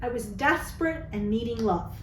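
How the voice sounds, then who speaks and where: A woman's voice: on the high side, expressive, moderate pace, roomy sound, a little hiss or hum, poor audio. A woman vlogger telling a personal story to camera in a candid, dramatic, chatty way, often tagging her lines with "okay?". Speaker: vlogger telling dating stories.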